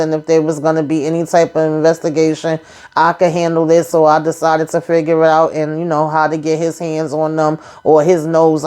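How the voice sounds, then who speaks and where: Woman recap host, casual, slightly low voice, animated, blunt and profane, acts out scenes.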